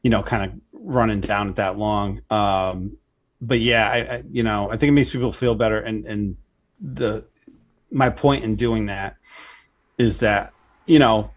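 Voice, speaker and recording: A man's voice: fairly low pitch, fairly even intonation, measured pace. A man talking as a guest in a casual podcast chat, loose and easygoing, swearing offhandedly. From Connecticut. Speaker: tattoo artist guest.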